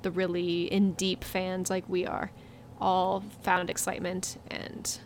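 A woman's voice: on the low side, completely flat delivery, measured pace. Young woman host, upbeat and laughing, faint hiss behind. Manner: upbeat, laughing, leads segments. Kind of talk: casual chat.

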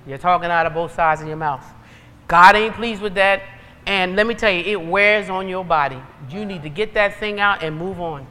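Woman preacher, bright and punchy, lively conversational sermon, long hall reverb. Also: on the low side, moderate pace, faint music behind.

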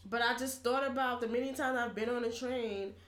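A woman with a fairly high voice chats in a casual talk show, telling a story in an animated way and swearing freely. She acts out what other people said. The room is echoey. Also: fairly quick. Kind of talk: casual chat.

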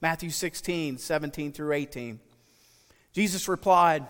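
A man preaching a sermon as pastor, earnest and emphatic, slowing down to stress key phrases. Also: sits high, expressive, long reverb tail.

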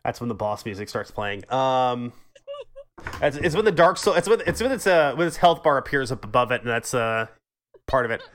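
A man hosting a casual gaming podcast, congested and a bit gravelly, sardonic and swearing freely. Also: mid-range voice, lively intonation, fairly quick, fairly bright tone. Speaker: podcast host.

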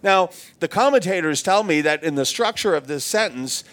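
Male preacher, earnest and reflective, pitch rising and falling widely through the sermon. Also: very animated, a little slow, a bit bright. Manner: earnest, reflective, repeats words when restarting.

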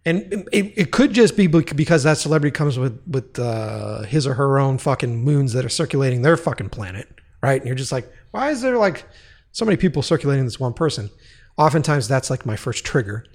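A man's voice: mid-range voice, expressive, fairly quick, darkish tone. A man telling a long casual story, profane and rambling, with frequent restarts.

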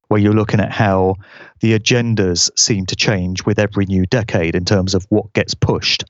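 A man talks through a subject in a measured, explanatory way. His voice sits low, and the recording is dry and a little dull, like a lo-fi remote feed. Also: no room sound. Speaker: guest commentator. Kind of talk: conversational commentary. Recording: dull lo-fi audio.

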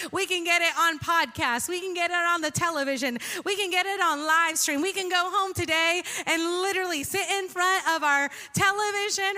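A woman preacher delivering an emphatic, animated sermon and calling out to her congregation. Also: extremely high pitch. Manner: emphatic and animated, with audience call-outs. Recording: long hall reverb.

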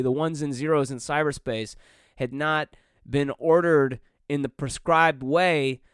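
A man's voice: on the high side, clear, resonant tone, no room sound. A young man hosting a rambling solo podcast, talking wryly into a close microphone with many fillers and restarts. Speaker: podcast host. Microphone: close studio mic.

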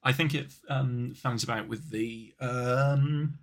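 A man's voice: medium pitch, fairly even intonation, takes it slowly, vocal fry, fairly bright tone. A man co-hosting a podcast, chatting casually with playful, rambling jokes. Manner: playful, rambling, jokey asides. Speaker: podcast co-host. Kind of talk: casual chat.

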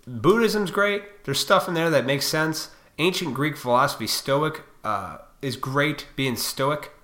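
A man's voice: mid-range voice, sharp tone. A man hosting his own podcast, ranting profanely and combatively, now and then mocking other people in put-on voices. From Illinois. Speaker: podcast host.

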